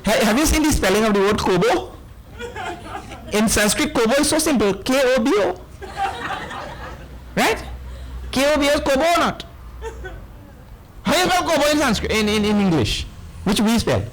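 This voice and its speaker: A man with a Trinidadian accent giving a spiritual discourse to a live audience, animated and often quizzing his listeners. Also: very high-pitched, normal speed, pauses often, background noise. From Trinidad and Tobago. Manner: animated, questioning listeners, playful asides. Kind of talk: lively lecture on scripture.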